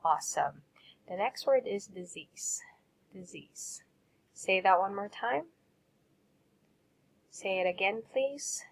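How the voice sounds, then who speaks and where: A woman's voice: medium pitch, expressive, slow pace, pauses often, low-quality recording. A woman teacher giving a recorded lesson, patiently saying words and asking students to repeat them.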